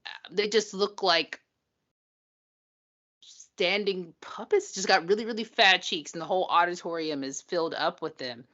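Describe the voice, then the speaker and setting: A woman's voice: fairly low pitch, normal speed, highs cut off. A woman co-hosting a podcast, recapping a TV episode in casual chat and acting out quotes. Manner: animated, acts out quotes, swears. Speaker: podcast co-host.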